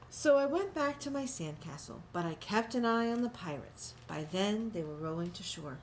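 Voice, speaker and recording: A woman with a mid-pitched voice reads a children's picture book aloud, pausing for gentle explaining asides aimed at young listeners. Faint noise sits under the recording. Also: expressive. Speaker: storybook reader.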